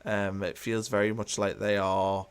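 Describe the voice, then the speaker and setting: A man's voice: fairly low pitch, little pitch movement, unhurried, smooth. A man hosting a football watchalong, chatting casually with many fillers and restarts while he reads out live comments.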